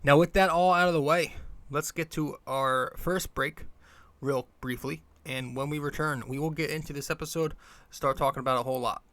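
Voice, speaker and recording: A man's voice: fairly high pitch, fairly even intonation, moderate pace, fairly bright tone. A young man hosting his own podcast, rambling casually with lots of fillers and restarts. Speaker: podcast host. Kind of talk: casual solo podcast monologue.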